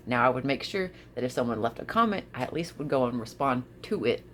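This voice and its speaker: A woman vlogging casually to her viewers, expressive, often repeating her phrases and laughing. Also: extremely low pitch, quick pace, a little hiss or hum. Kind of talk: casual talk to camera.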